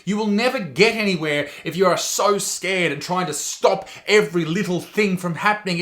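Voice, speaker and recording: Bright, high-voiced mocking man. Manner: profane, mocking, sarcastic. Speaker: comedian commentator. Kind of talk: ranting commentary video.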